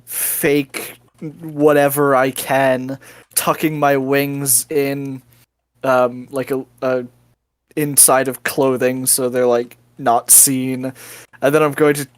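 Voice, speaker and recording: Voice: mid-range voice, no room sound. A player describing plans in a tabletop game, rambling with fillers. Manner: rambling, laughing.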